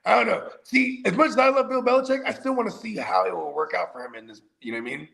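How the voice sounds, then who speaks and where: A man co-hosting a casual sports podcast, telling stories in an animated, profane way that swings between loud bursts and quiet asides. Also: sits high, fast, vocal fry. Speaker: podcast co-host.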